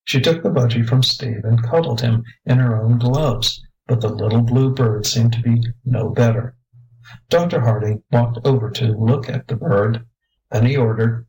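A male audiobook narrator telling an adventure story in an even, unhurried way. His voice sits at a plain middle pitch, steady from line to line. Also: low-quality recording. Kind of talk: scripted narration.

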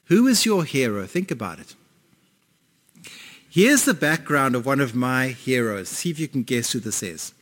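A man's voice: mid-range voice, sing-song, moderate pace, a bit bright. A man preaching a sermon to a congregation, conversational and asking them questions. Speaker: pastor. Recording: long hall reverb.

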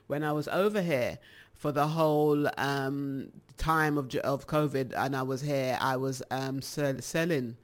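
A woman with a British accent, chatting casually to her viewers as a rambling, animated storyteller. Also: a bass voice, measured pace. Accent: British English. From England. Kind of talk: casual chat.

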